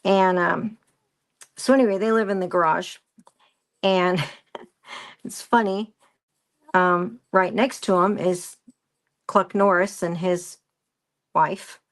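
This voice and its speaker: A woman's voice: on the low side, fairly even intonation, takes it slowly, pauses often. A woman presenting a craft live stream, rambling through a story and greeting viewers by name as she works. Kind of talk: casual chat while crafting.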